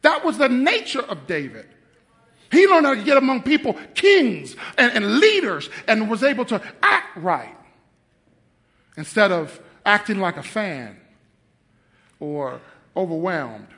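Middle-aged pastor guy preaching, high bright voice, acts stuff out, laughs a lot. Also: takes it slowly, pauses often. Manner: animated, acts out scenes in changing voices, laughs often. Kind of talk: sermon.

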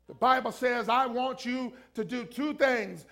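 A man's voice: very high voice, a little slow, hardly any pauses, a bit bright. A man preaching a sermon as pastor, emphatically urging the congregation to repeat lines after him. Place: church.

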